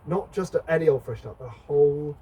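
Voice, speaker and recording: A man's voice: a little high, quick pace, mellow, slightly rough. A middle-aged man, preaching a conversational sermon in a church and chatting with the congregation. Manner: chatty, asks the congregation questions. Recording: distant mic, faint background noise.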